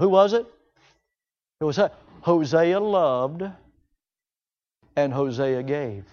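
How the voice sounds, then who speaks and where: A man preaches a sermon in a high voice, firing rhetorical questions at his listeners and voicing the excuses of imagined objectors. The recording sounds dull and lo-fi. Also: darkish tone.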